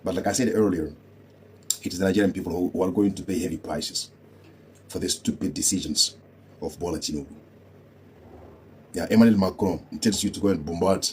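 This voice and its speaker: A man's voice: deep voice, a little mellow, a little hiss or hum. A man from Africa giving heated political commentary, scornful and repeating rhetorical questions.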